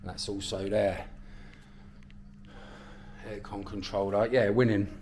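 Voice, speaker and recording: A man's voice: lowish voice, steady tone, slow pace, darkish tone. A man with a London accent chatting casually as he films a travel vlog, walking through a lakeside village and cheerfully greeting locals. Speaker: travel vlogger. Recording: noisy outdoor ambience.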